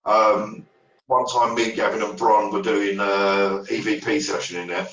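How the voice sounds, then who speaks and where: In a meandering podcast conversation, a guest paranormal investigator shares ghost stories, often trailing off before restarting. He speaks at a measured pace in a deep, fairly bright, level voice, picked up far from the mic in an echoey room.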